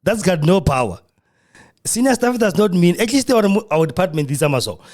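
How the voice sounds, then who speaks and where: A South African man hosting a live studio podcast, sounding mocking and animated. His voice sits a little high and swings widely in pitch. He acts out the voices he quotes. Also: moderate pace. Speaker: podcast host. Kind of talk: live radio podcast commentary. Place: radio studio.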